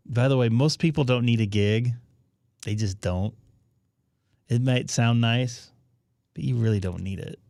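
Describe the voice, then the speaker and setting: A man hosting a casual live stream about amateur radio, chatting to viewers while he troubleshoots his setup out loud. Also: medium pitch, vocal fry, no room sound, clean studio sound.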